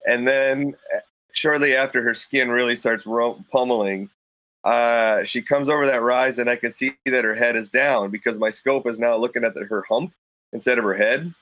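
A podcast guest vividly tells a hunting story in casual conversation, raising his voice to act out quoted thoughts into a studio mic. His voice is medium-pitched and fairly bright at a normal speed, with no room sound but low recording quality.

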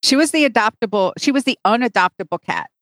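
A woman's voice: a little high, lively intonation, fast talker, a bit bright, dry recording, studio quality. A woman co-hosting a podcast, telling a rambling story in casual chat and acting out the lines of the people in it. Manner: rambling storyteller, acts out quotes. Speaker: podcast co-host.

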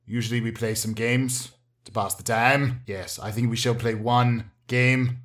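A man's voice: medium pitch, steady tone, a little slow, a bit bright. A man hosting a comedy podcast, talking in a rambling, mock-formal way. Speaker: podcast host. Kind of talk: casual comedy chat.

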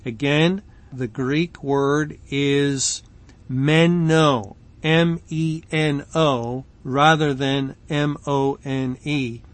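A man teaching a Bible study, reading scripture and explaining it slowly with frequent pauses and fillers. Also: medium pitch, fairly even intonation. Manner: slow and deliberate, with frequent ums and pauses.

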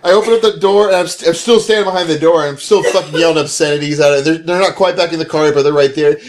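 High-voiced man telling a profane story. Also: very fast, hardly any pauses. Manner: profane, laughing, acts out shouted quotes. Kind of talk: casual storytelling chat.

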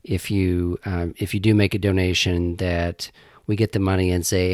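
A podcast co-host chatting casually, earnest and halting, often repeating words. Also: sits low, little pitch movement, a little mellow, no echo, studio quality.

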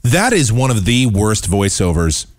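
A low-pitched American man hosting his own show, ranting with scorn. His pitch swings widely as he mocks what he hears. The sound is dry and close, with no room around him. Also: a little slow, dry recording. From United States. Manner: scornful, animated, mocks voices he dislikes. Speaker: podcast host and broadcaster. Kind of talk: ranting commentary.

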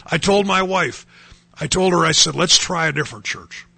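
A man's voice: on the high side, animated, moderate pace, vocal fry, bright, forceful tone, slightly rough, no room sound. A man from North Dakota telling his personal testimony in an earnest storytelling way that rises to emphatic bursts. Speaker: testimony speaker.

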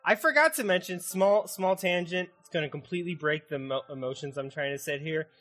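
A foul-mouthed man hosts a podcast and recaps an anime with animated, excitable energy. His voice sits a little higher than most men's, and faint music plays beneath the talk. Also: a little fast. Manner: animated, heavily profane, excitable. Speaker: podcast host. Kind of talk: casual chat recapping an anime.

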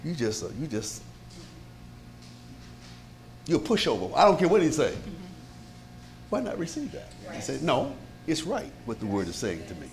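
A pastor preaching to his congregation in a lively, conversational way, with many rhetorical questions and frequent chuckles. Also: a little high, moderate pace, long pauses. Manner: chuckles often. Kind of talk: sermon.

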